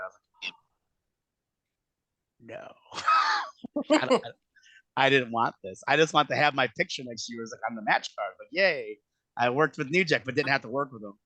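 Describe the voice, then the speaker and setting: Animated man telling a raunchy story. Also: mid-range voice, a little fast, no room sound. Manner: animated, acts out quotes in exaggerated voices, profane. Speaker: podcast guest telling a wrestling story. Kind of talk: casual storytelling.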